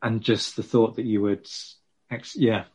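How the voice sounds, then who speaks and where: A man's voice: on the low side, steady tone, unhurried, darkish tone, husky. Male co-host, ex-teacher, explanatory lecturing delivery. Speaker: podcast co-host, former teacher. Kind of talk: casual history chat.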